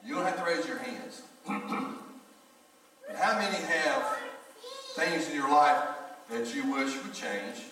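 A man's voice: on the high side, animated, takes it slowly, long pauses, a bit bright, slight background noise. A middle-aged man, a pastor telling folksy stories and speaking straight to his congregation. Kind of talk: sermon. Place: church sanctuary. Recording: echoey church hall from far off.

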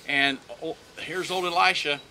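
A man's voice: fairly high pitch, fairly even intonation, measured pace, heavy background noise. A man telling a Bible story with animation, acting out what the characters say, outdoors at the site of the story. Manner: acts out the quoted speakers, with frequent restarts.

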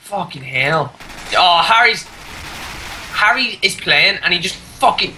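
A woman's voice: lowish voice, expressive, takes it slowly, bright, forceful tone, slight background noise, poor audio. A woman ranting and swearing at a rival player while commenting on her own gameplay. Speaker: gamer.

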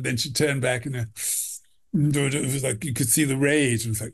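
A man's voice: mid-range voice, normal speed. Rambling man telling backstage stories. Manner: rambling, lots of "you know", acts out quotes. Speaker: costume designer, guest. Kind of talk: anecdotal interview storytelling.

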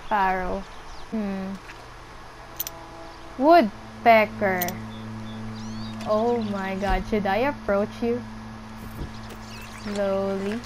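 A young woman casually commenting on her gameplay, chatting to the animals on screen and squealing when excited. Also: mid-range voice, very slow, long pauses, background noise. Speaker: gameplay streamer.

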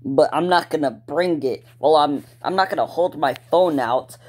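A man's voice: a little high, normal speed, darkish tone. A male YouTuber talking casually to his viewers, rambling with lots of ums, restarts and laid-back slang. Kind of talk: casual talk to camera.

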